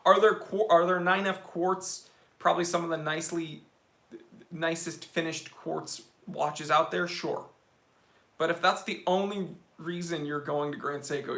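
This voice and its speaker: Excitable guy on a watch livestream reading chat, high sharp voice, echoey room. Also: gravelly. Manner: excitable, joking, talks to chat as bro. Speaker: watch channel host. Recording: roomy echo.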